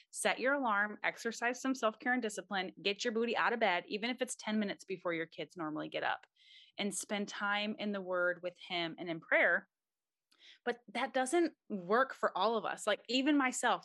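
Bright, dry-voiced Christian mom guest. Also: female voice, medium pitch, no echo. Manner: earnest, encouraging, faith-focused advice. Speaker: podcast guest. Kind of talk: casual interview talk.

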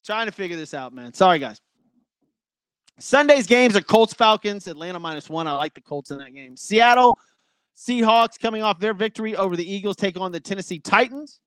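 A man's voice: high-pitched, animated, brisk, fairly bright tone, clean tone, no room sound. A man hosting a sports podcast, chatting loosely through game matchups and betting picks. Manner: loose, chatty, apologetic about glitches. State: breathing heavy. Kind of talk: casual sports betting talk.

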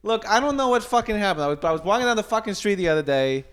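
A man's voice: high-pitched, animated, racing, a bit bright, smooth. A man playing a foul-mouthed, hotheaded male stand-up comic with a Boston accent, ranting and swearing nonstop in a mock routine. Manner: swears constantly, rambling angry rant. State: tipsy.

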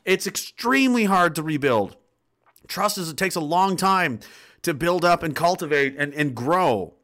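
An animated, sarcastic Canadian man from Nova Scotia rants casually on a livestream while reading viewer comments. His voice is a little high and unhurried, and he swears and laughs often.

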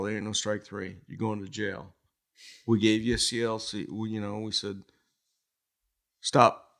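A man, a retired police officer, telling stories in a casual interview, laughing often and swearing casually. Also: mid-range voice.

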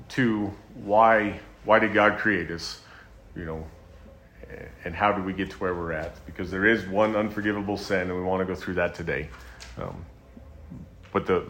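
A man preaching a sermon in a very low, deep voice. He talks plainly and earnestly, with ums and restarts as he goes. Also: a bit bright. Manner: conversational, with frequent ums and restarts; retells scripture stories in a low, earnest voice.

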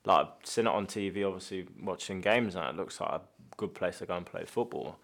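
Deepish guy, ex footballer, rambling relaxed stories. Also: fairly quick. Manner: relaxed storytelling with many fillers. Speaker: former footballer, guest. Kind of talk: casual podcast chat.

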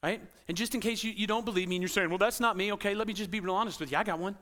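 A man preaching a sermon as pastor to a congregation in a church, animated and swinging between loud emphasis and quiet intensity. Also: sits high, very fast. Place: church sanctuary.

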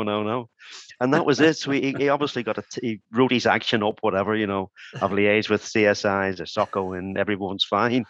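A man's voice: on the low side, a bit bright, dry recording. A man and former crime scene investigator, talking casually in an interview, hesitant with many ums and restarts. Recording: dull, dry sound.

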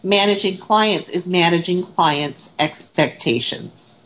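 A woman's voice: on the low side, takes it slowly, a bit bright, low-quality recording. A woman in casual conversation, a paranormal investigator who tells stories in a chatty way and acts out the people she quotes.

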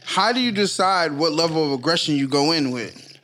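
A man's voice: on the high side, expressive, a little fast, pushed and bright, a little hiss or hum. A man co-hosting a podcast, asking provocative questions and teasing. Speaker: podcast co-host. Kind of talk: casual crude chat.

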